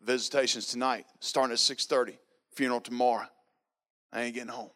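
A man's voice: mid-range voice, fairly even intonation, a little fast, bright, forceful tone. A man preaching, telling a personal testimony emphatically, with lots of repetition. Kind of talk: sermon testimony.

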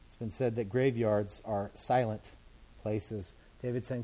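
A man's voice: lowish voice, fairly even intonation, measured pace, mellow. A man, a pastor, teaching through scripture verse by verse in a conversational sermon, explaining it in plain everyday words.

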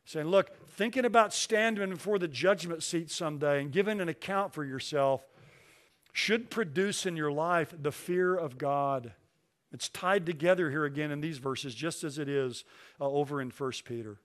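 Slow, emphatic preaching man. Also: on the high side, fairly bright tone. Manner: slows down and stresses key phrases when reading scripture. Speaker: pastor. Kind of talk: sermon.

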